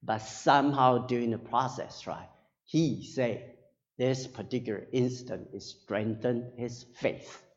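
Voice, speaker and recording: A male pastor preaching a sermon in a halting, earnest way, often tagging his phrases with a questioning "right?". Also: mid-range voice. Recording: dull sound with long hall reverb.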